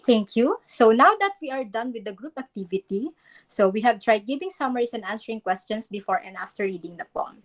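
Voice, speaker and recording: A woman teaching a class, instructing students on reading a poem aloud, modeling pronunciation and calling on students by name. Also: fairly high pitch. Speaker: English teacher.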